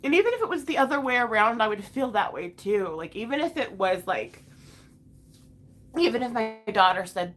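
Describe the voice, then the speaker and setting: A woman's voice: mid-range voice, sing-song, normal speed. A young woman and mother venting frankly to her live chat, emotional and swearing often as she restarts her sentences. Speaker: vlogger and mother.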